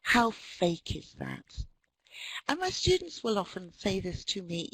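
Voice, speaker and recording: Husky British woman giving a webinar talk. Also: mid-range voice, sing-song, a little slow, fairly bright tone, dry recording, rough recording. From Britain. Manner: wry, anecdotal, with frequent ums. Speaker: webinar presenter, English teacher trainer. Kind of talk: casual lecture with anecdotes.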